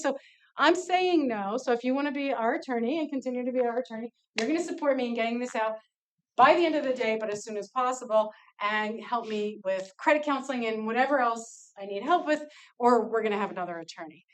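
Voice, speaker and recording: A woman leading a nonprofit tells a candid, lively story to students in a casual talk, acting out the dialogue. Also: a little high, quick pace. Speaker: nonprofit CEO speaking to students.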